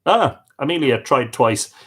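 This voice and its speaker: A man's voice: medium pitch, lively intonation, unhurried, fairly bright tone, slightly rough. Man, livestream host, reads out viewer greetings, friendly welcomes. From Ireland. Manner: friendly, reads out viewer comments and answers them. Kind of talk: reading live chat greetings.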